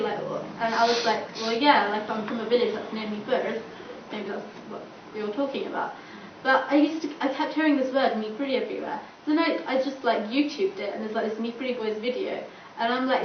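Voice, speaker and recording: Talking quickly with few pauses and a fairly high pitch, a young student campaigner chats through a panel discussion. She fills her speech with "like" and performs the dialogue she quotes; the room recording sounds distant, echoey, dull and noisy.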